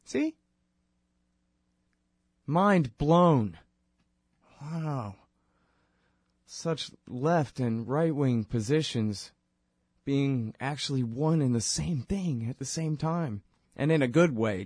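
A man's voice: medium pitch, a little mellow, dry recording, clean studio sound. Sarcastic, fired-up male host. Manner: sarcastic and impassioned. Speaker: show host. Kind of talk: political commentary monologue.

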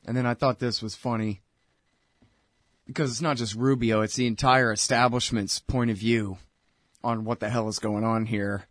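A man's voice: mid-range voice, steady tone, moderate pace, a bit bright, no echo, clean studio sound. A man hosting a talk show, rambling in a blunt, sarcastic way between ad reads. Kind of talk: casual political talk and ad reads.

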